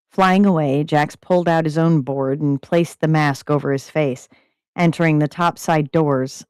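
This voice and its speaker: A woman hosting a podcast, reading a story aloud in a steady narrating manner. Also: low-pitched, clean tone, dry recording. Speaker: podcast host and story reader.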